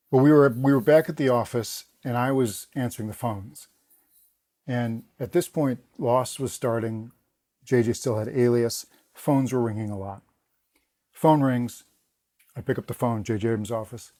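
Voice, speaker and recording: A man, a guest on a podcast, telling behind-the-scenes anecdotes in a casual, animated way, often laughing and restarting his sentences. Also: mid-range voice. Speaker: guest, former film production assistant. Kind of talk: casual interview storytelling.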